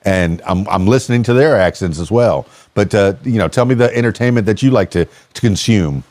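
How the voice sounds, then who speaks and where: Low-voiced American podcast host, rambling. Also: male voice, brisk, darkish tone, no room sound. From United States. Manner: rambling, curious, hesitant with many restarts. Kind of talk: casual interview.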